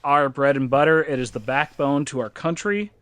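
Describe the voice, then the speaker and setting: A man's voice: medium pitch, normal speed, no echo. Emphatic, joking podcast host, a man. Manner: animated, joking, emphatic rants with restarts. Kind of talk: casual podcast chat.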